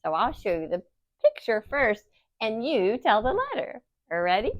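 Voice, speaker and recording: A woman teaching young children phonics, sounding out letters slowly in an encouraging, sing-song way. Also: fairly high pitch, big pitch swings, no room sound, muffled recording.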